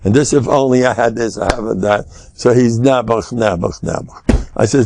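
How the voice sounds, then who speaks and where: An older American man, a rabbi, giving a lively Torah lecture on faith, storytelling with sudden high exclamations and Yiddish and Hebrew words mixed in. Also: moderate pace, gravelly, a little hiss or hum.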